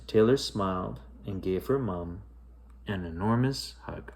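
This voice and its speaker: A man's voice: low voice, unhurried, gravelly, slight background noise. A man reading a children's picture book aloud as a bedtime story. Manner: expressive, lilting.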